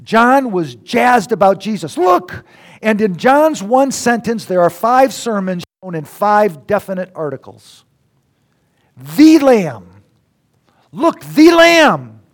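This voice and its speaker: A middle-aged man preaching a sermon, swinging between loud exclamations and near whispers. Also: high voice. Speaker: pastor.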